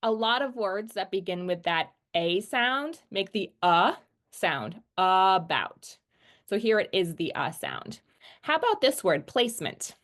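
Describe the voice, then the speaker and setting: A woman teaching a phonics lesson in a patient, clear way. She slows down to act out each sound and checks in with her listeners. Her voice sits at an ordinary middle pitch. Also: very animated, a bit bright. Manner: patient, explains slowly and models sounds.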